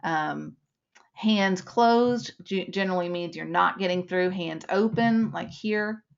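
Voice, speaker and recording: A woman instructor talks through a live webinar lesson in a lowish, gravelly voice. She explains by acting out short examples. The sound is dull and lo-fi. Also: takes it slowly.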